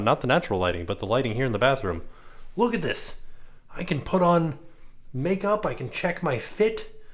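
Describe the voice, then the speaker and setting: A man in his thirties narrating a casual walk-through of a hotel room as a vlogger. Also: medium pitch. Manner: chatty, points things out as he walks.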